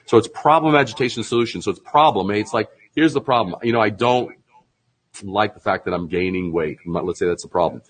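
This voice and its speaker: Fairly quick and husky, a branding expert being interviewed gets animated and conversational, laughing a lot and performing mock sales pitches. The audio is poor.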